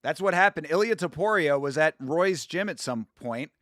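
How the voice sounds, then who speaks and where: A man streaming from home hosts a watch-along, talking in a loose, rambling way and laughing at his own jokes. His voice sits fairly high, and he breaks into loud, excited bursts now and then. The sound is dry and close, with almost no room echo. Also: normal speed. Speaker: YouTube host doing a watch-along. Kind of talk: casual live commentary.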